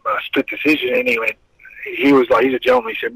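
A man's voice: a little high, quick pace, creaky, no echo, rough recording. A middle-aged man in a casual interview, telling rambling stories about his boxing past with a lot of swearing. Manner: swearing, rambling, animated storyteller. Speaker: former boxer, guest.

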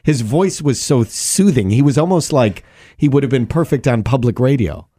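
A man's voice: mid-range voice, normal speed, husky, no room sound, studio quality. A man co-hosting a talk show, telling stories in a casual, teasing way. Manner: animated storyteller, teasing. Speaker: radio show co-host. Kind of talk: casual chat.

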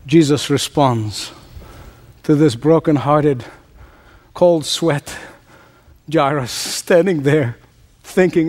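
A man's voice: fairly high pitch, takes it slowly, darkish tone. A man preacher giving a sermon, emphatic, repeating key phrases and laughing often.

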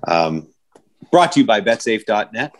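A man's voice: fairly low pitch, big pitch swings, moderate pace. A man hosting a podcast in casual chat, rambling, correcting himself and joking with his co-hosts. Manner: rambling, self-correcting, jokey. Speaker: podcast host.

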